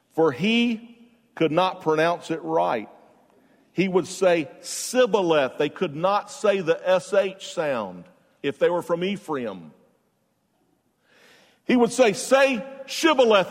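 A man preaching a sermon, telling stories with bursts of loud emphasis and quiet asides. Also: a little high. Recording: long reverb of a large hall.

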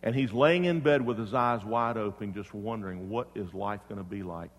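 A man's voice: fairly low pitch, normal speed. Preaching man in a reverberant hall. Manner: swings from loud preaching to hushed storytelling. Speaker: pastor. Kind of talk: sermon.

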